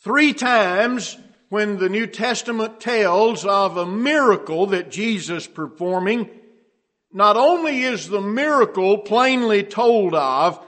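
A male preacher with a somewhat high voice delivers a sermon at an unhurried pace. He draws out his phrases deliberately and lifts his voice to stress the key points. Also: a bit bright. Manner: slow, measured delivery with rising emphasis on key phrases.

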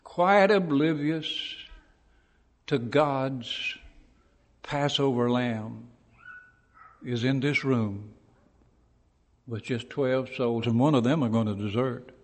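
A man preaching a sermon in a church, telling stories with dramatic build and shouting out quoted lines. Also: medium pitch, slow pace, pauses often, big-room sound.

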